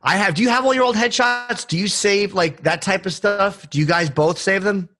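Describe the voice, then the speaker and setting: A comedian guest joins a podcast and talks in a blunt, wry way, throwing in crude jokes. His voice sits a little above average pitch for a man. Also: normal speed, pushed and bright. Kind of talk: casual chat.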